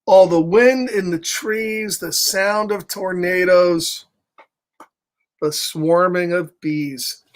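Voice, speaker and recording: A man reading the lines of a boastful young boy from a picture book aloud to children, in slow, sing-song rhyme. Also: sits high, steady tone. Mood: proud, sing-song. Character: boastful young boy proud of his noisy bottom.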